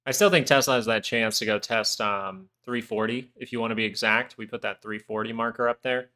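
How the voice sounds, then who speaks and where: A man's voice: mid-range voice, fairly even intonation, brisk, sharp tone. A man hosting a live stock market stream, talking casually in a rambling, chatty way. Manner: rambling, chatty, full of fillers and asides.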